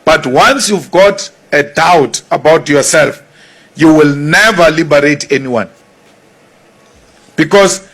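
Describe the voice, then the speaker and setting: A South African man gives a political speech in a husky, fairly high voice. He speaks slowly and forcefully, hammering points home by repeating them. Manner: forceful, repeats lines for emphasis.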